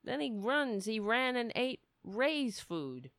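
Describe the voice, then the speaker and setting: A middle-aged woman hosts a casual livestream, rambling and poking fun at herself as she talks to viewers and her cat. Her voice is a little high and fairly bright with big pitch swings, she takes it slowly, and the sound is clean studio audio with no echo.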